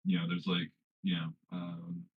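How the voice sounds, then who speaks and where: A man runs a tabletop game, describing the scene in a low voice. He rambles and hesitates, filling gaps with fillers. The audio is dull and lo-fi. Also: completely flat delivery, a little slow. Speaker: game master.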